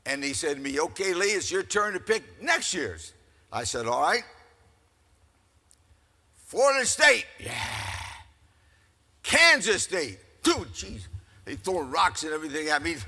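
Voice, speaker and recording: An older man giving a keynote speech, telling stories in an animated, folksy way to a crowd. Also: fairly high pitch, normal speed. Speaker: keynote speaker. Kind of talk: storytelling speech. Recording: echoey hall.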